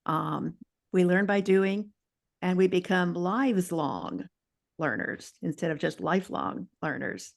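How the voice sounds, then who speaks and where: A woman leading a casual group video chat, gently encouraging others to share. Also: on the low side, slow, creaky.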